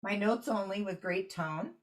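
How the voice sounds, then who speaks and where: Woman clarinet teacher on a video call, patient step-by-step explainer, mid pitch. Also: normal speed, over loud music. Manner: explanatory, walks through steps while annotating. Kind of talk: online workshop lesson.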